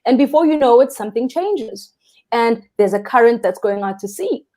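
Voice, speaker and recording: A woman's voice: a little high, normal speed. A young South African woman, a freediving instructor, talking earnestly and expressively as a guest in a live interview. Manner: earnest, expressive, speaks of the ocean lovingly.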